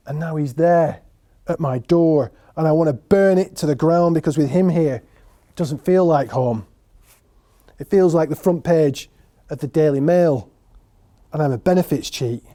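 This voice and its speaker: A man's voice: on the high side, dark tone. Wry man in a solo monologue. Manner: wry, sardonic, addresses audience directly. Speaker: writer and performer.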